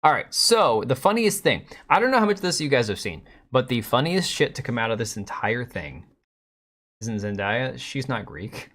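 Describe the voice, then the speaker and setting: A man's voice: mid-range voice, big pitch swings, moderate pace, fairly bright tone. A man hosting a casual live stream, reacting to clips with sarcastic, mocking remarks and talking to viewers. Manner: sarcastic, mocking, chats to viewers and his cat. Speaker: streamer host.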